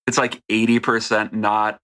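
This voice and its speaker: A man's voice: on the low side, little pitch movement, normal speed, fairly bright tone. An American man co-hosting a casual podcast, making dry, wry jokes. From United States. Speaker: podcast co-host.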